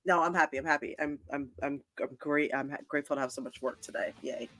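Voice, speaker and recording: A woman's voice: low voice, fairly even intonation, fast, a bit bright, soft background music. A woman hosting a podcast, chatting in a bubbly, teasing way. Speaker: podcast host. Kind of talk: casual podcast chat.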